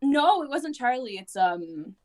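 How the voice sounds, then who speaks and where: A young woman joins a casual chat as a guest, bubbly and quick to giggle. Her voice sits a bit high and moves around a lot in pitch. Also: sing-song.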